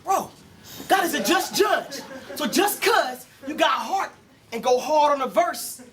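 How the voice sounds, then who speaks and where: High-voiced man rapping punchlines. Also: expressive, a little slow, a crowd in the background. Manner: rhythmic, punchline-driven, preachy delivery. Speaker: battle rapper. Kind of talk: live Christian battle rap performance. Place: live battle event with an audience.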